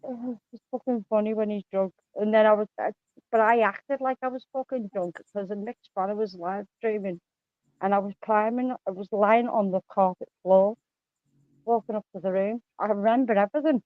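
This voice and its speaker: A woman chatting casually on a stream, swearing freely and laughing through her stories. Her voice sits at an ordinary pitch. The sound is dry and a little dull. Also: moderate pace, no echo. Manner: swears a lot, laughs often, rambling anecdotes. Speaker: guest on a live chat stream. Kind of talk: casual chat.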